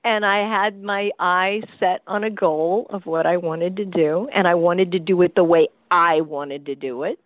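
A woman's voice: lowish voice, normal speed, few pauses, no room sound. A woman recalling her early acting career as an interview guest, telling it animatedly with laughter and acted-out voices, heard over a tinny phone-like line. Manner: acts out quoted voices, frequent laughter, lively restarts. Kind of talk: animated anecdotal storytelling. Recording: tinny phone-like dry sound.

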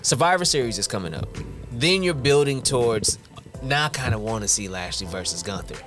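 Hyped up guy on a podcast, pitch jumps all over, slangy and cussing, light music behind. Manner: animated, slangy and profane, quick reactions. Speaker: podcast co-host. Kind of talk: casual wrestling chat.

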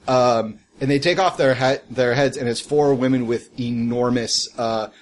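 Halting male game master narrating. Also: medium pitch, slight background noise. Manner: rambling, halting, many fillers.

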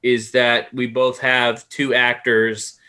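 A man's voice: medium pitch, completely flat delivery, slow pace, pushed and bright. A man co-hosting a podcast, talking loosely with swearing and lots of fillers. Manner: loose and profane, many fillers. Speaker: podcast co-host. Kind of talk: casual chat.

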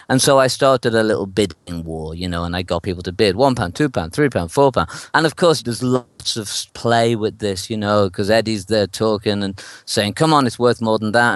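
A man who works as a street performer tells an animated anecdote in an interview, acting out the voices of the people in it and laughing often. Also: on the low side, dry recording, studio quality.

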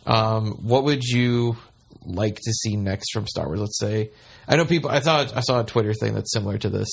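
A man's voice: on the low side, moderate pace, creaky, a little hiss or hum. A man hosting a podcast in casual chat, joking and laughing often. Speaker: podcast host.

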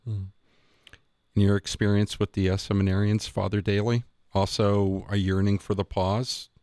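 A man hosting a conversation, asking questions haltingly as he searches for the right words. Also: fairly low pitch, level tone, a little mellow, clear, resonant tone, no room sound, clean studio sound. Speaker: podcast host, school principal. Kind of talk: interviewing guests.

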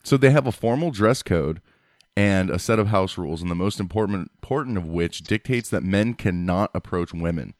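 An American man hosts a podcast with a low voice and crude, joking banter. His voice is recorded close and dry, with no room sound. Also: expressive, moderate pace, a little mellow, no echo. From United States. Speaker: podcast host. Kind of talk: casual podcast chat.

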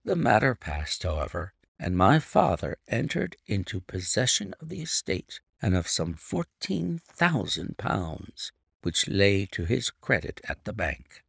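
A man reading a classic detective story aloud in an expressive, theatrical way. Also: on the low side, unhurried, creaky, few pauses, breathy edge, dry recording, studio quality. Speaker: audiobook reader.

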